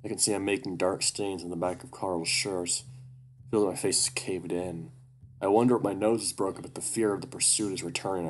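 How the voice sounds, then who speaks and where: A man reading a first-person horror story aloud at a steady, even pace. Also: sits low, a little hiss or hum. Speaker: audiobook narrator.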